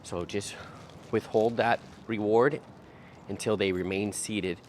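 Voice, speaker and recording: Low-voiced man teaching dog training outdoors. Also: fairly even intonation, takes it slowly, slight background noise. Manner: explains step by step, breaks into high sing-song praise for the dog. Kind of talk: instructional talk while training a dog.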